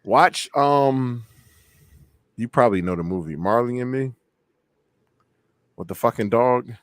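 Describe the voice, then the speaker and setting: A man's voice: mid-range voice, lively intonation, a little slow, no echo. Teasing man in a dry room. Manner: teasing, laughs a lot, slangy. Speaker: podcast host. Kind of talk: casual chat.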